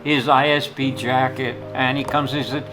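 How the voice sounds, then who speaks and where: An older man, a retired jewelry teacher, telling rambling, blunt anecdotes about his teaching, with soft guitar music behind. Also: mid-range voice, flat delivery, moderate pace, poor audio. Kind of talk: anecdotal storytelling.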